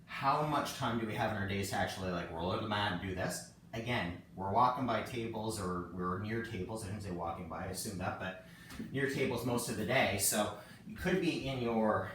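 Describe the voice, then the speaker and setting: A man's voice: lowish voice, fairly quick, fairly bright tone. A man teaching a casual live-streamed yoga class, chatty and joking at himself as he cues poses. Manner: chatty and self-joking, laughs often. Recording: echoey room, distant mic, faint noise.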